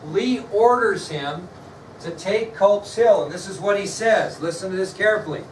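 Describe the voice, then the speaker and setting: A male history teacher lecturing a class, quizzing students and spelling words out slowly. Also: high voice, slight background noise. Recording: echoey classroom, mic far off, faint ambience.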